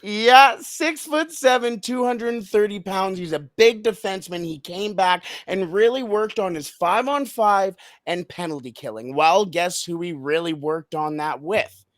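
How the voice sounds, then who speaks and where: A man talking hockey as a podcast guest, animated and laughing often, building to points with dramatic pauses. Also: high voice, no room sound, clean studio sound. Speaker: podcast guest, team analyst. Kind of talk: casual sports podcast chat.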